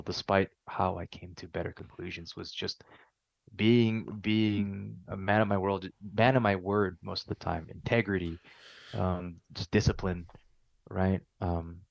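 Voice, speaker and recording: A young man with a low, gravelly voice, talking slowly and thoughtfully as a podcast guest. His voice is dry and close, with a dull, slightly lo-fi tone. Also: no echo. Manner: thoughtful, searching for words. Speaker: podcast guest, martial arts instructor. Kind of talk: reflective conversation.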